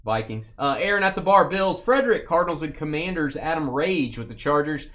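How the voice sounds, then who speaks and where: A man's voice: fairly high pitch, animated, brisk, a bit bright. A man hosting a live card break, joking casually and reading off lists of names and teams. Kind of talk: casual live-stream chat while opening cards.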